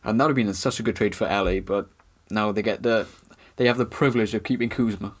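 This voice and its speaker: A man's voice: lowish voice, steady tone, fast. A man co-hosting a casual podcast, teasing and laughing easily. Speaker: podcast co-host. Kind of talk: casual sports chat.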